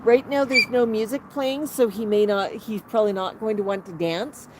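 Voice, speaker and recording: A woman's voice: mid-range voice, fairly even intonation, normal speed, slight background noise. A woman hosting a casual outdoor livestream, chatting to viewers and reading out their comments. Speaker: livestream host.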